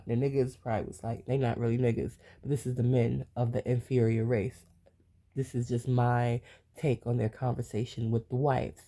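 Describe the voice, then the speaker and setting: A woman's voice: extremely low pitch, flat delivery, moderate pace, mellow. A woman hosting her own podcast, venting in a heated, profane monologue full of repeated rhetorical questions. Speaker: podcast host. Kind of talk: solo ranting monologue.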